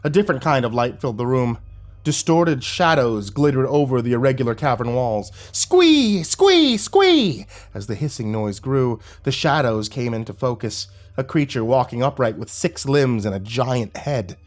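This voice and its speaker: A man narrating a horror story in a steady storytelling delivery. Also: mid-range voice, moderate pace.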